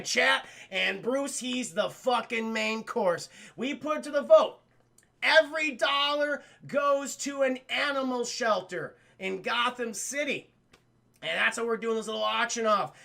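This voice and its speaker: A man streaming a cartoon review, retelling scenes in a profane, excitable way and talking straight to his chat. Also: very high voice, creaky. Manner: profane, excitable storyteller who keeps addressing chat; acts out the characters' lines in quick voices. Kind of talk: casual livestream recap.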